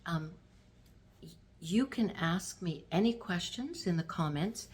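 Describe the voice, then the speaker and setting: A woman in her sixties from Canada, hosting her own vlog and talking to the camera in a gentle, unhurried way with fillers. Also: lowish voice, animated. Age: 60s. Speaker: vlog host. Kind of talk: casual talk to camera.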